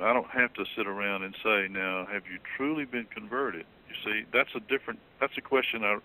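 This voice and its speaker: A man in a theological discussion, explaining earnestly and jumping up in pitch when he quotes someone. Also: sharp tone, a little hiss or hum, poor audio. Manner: earnest, explanatory, rises sharply when quoting. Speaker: theologian being interviewed.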